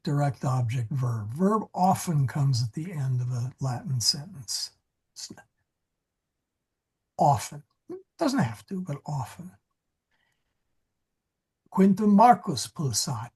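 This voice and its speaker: Man, teacher, husky breathy voice, slow delivery, digressive. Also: medium pitch, a little mellow. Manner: digressive, self-correcting. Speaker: Latin teacher. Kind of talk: classroom lesson. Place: church meeting room.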